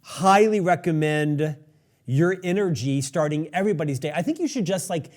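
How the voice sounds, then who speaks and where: A man hosting an interview podcast, animated and enthusiastic, joking about himself. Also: on the high side, normal speed. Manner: animated, exuberant, self-deprecating humor. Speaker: podcast host.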